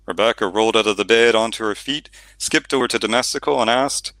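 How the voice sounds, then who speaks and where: A man narrating an audiobook in steady storytelling, with the odd reading slip. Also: on the low side, fairly quick, hardly any pauses, dry recording. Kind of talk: scripted narration.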